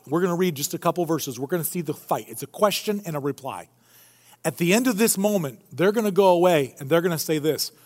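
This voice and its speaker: Set against the long echo of a big church hall, this pastor's sermon is full of energy and jokes as he recounts the scene. He's a man whose voice sits on the high side, an animated storyteller who loves a laugh.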